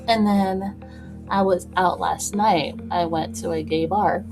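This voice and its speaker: Slow-talking young woman, rambling, music behind. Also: fairly low pitch, steady tone. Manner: rambling, filler-heavy, many "like"s; laughs between thoughts. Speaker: beauty vlogger. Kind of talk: casual get-ready-with-me chat. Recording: music playing clearly behind voice.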